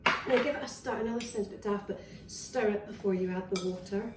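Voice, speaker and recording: A woman with a Scottish accent talks fast at a medium pitch while casually running through a cooking demo at home. The audio is very noisy, roomy and distant, filled with clattering dishes, cutlery and pans. As a wellness vlogger, she chats and rambles with fillers and restarts.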